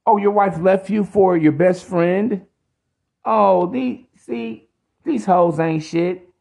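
A man's voice: high-pitched, vocal fry, dark tone, exaggerated voice. A man mimicking a cooing, coddling woman. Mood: mocking coo. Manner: mocking, drawn-out, coddling. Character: cooing sympathetic woman consoling a heartbroken man.

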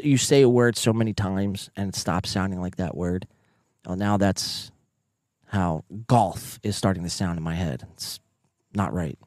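A man with a Northeastern American accent hosts a live podcast from home, reading viewer chats in a casual, profane, joking way. His voice sits fairly low and jumps into loud bursts. The sound is close and dry, with no room echo. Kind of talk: casual livestream chat. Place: home, near neighbors.

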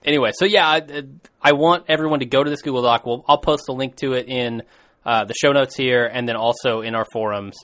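A man's voice: mid-range voice, steady tone, brisk, fairly bright tone. A man hosting a podcast in casual chat, loose and rambling, laughing often. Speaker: podcast host.

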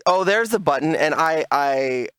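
Animated man telling a story, dry mic. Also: on the high side, measured pace, clean tone, dry recording. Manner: animated storyteller, acts out quotes, swears, rises to shouts. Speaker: podcast co-host. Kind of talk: casual chat.

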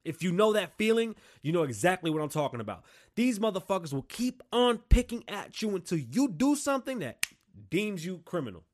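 A man's voice: sits high, sing-song, brisk. A man from Las Vegas hosting his own podcast, talking in a blunt, profane monologue. He argues his opinions hard, and his voice rises in heated bursts when a point gets to him. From Las Vegas, Nevada. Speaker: podcast host.

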